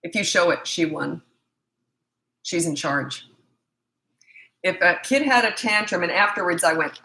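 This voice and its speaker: A woman's voice: on the low side, measured pace, long pauses, pushed and bright. A middle-aged woman parenting coach answering viewer questions in a live Q&A, blunt, confident and emphatic. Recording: echoey room.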